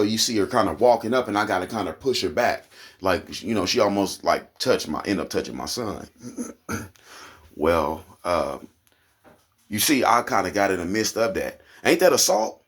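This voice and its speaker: Casting: Oklahoma man, low husky voice, heated profane vlog rant. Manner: profane, heated, rising to high indignant peaks. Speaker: vlogger. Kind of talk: angry rant to camera.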